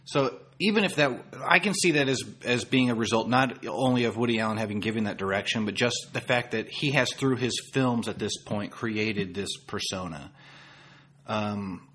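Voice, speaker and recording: A man with a husky, slightly breathy voice co-hosts a casual film podcast. He talks thoughtfully, restarts his sentences often, and reads critics' reviews aloud. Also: fairly low pitch, normal speed, a bit bright. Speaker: podcast co-host.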